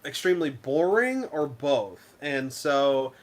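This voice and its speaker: A man co-hosting a casual game review show. He talks in an animated, rambling way and often restarts his sentences. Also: mid-range voice, slow pace. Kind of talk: casual chat.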